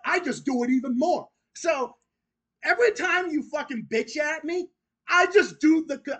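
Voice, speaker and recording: A man's voice: extremely high pitch, a bit bright. Guy ranting at his haters, cursing nonstop, keeps saying the same thing over and over. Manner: profane, combative, repetitive. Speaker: channel host. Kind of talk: angry rant to camera.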